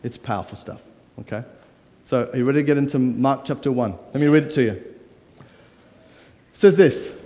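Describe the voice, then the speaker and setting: A man's voice: mid-range voice, normal speed, pauses often, warm tone. A man in his forties preaching a live sermon as a guest pastor, playful and joking as he coaxes the congregation. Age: 40s. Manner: playful, joking and coaxing the crowd. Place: church auditorium with live audience. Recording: long hall reverb.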